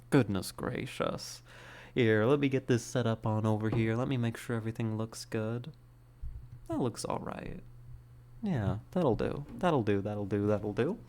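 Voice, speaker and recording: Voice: mid-range voice, a little mellow. A livestream host chatting casually with viewers, rambling and playful, a little winded after exercise. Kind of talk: casual chat with live viewers. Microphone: streaming setup.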